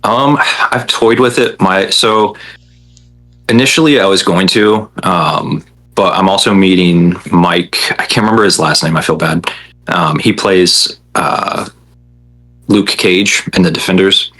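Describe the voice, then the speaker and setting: A man's voice: low voice, measured pace, a bit bright, low-quality recording. A young man, a podcast guest, chatting casually with a rambling, hesitant manner full of fillers. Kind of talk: casual chat.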